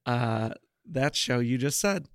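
A young man co-hosting a podcast, chatting casually in an animated, self-deprecating way and exclaiming often. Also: mid-range voice, slow pace, dry recording, studio quality. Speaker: podcast co-host. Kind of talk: casual chat.

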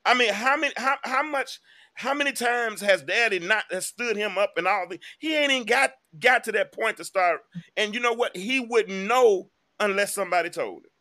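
A man's voice: high-pitched, normal speed, pushed and bright. A man hosting a live online talk show, giving casual, emphatic commentary and speaking straight to his viewers. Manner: chatty, emphatic, addresses viewers directly.

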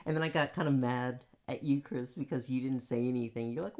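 A woman co-hosting a podcast, talking candidly about feelings in an animated way, often acting out voices and laughing. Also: a bass voice, fairly quick, hardly any pauses. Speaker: podcast co-host. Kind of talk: candid personal chat.

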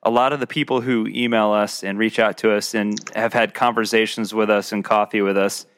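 A man co-hosting a podcast, asking long questions in a halting way full of restarts. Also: fairly low pitch, little pitch movement, fairly bright tone, clear, resonant tone. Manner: halting, many restarts while framing questions. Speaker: podcast co-host. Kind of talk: casual interview chat.

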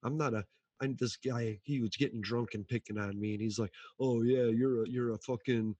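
Husky, animated man chatting about sports. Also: medium pitch, moderate pace, no echo, highs cut off. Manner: animated, swears freely, acts out quotes. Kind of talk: casual chat.

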